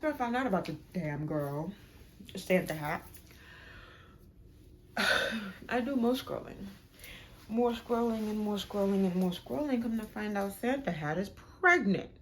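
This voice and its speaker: Animated woman telling a storytime vlog. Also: unhurried, long pauses, a little hiss or hum. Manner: animated, dramatic retelling with sudden pitch jumps. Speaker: vlogger.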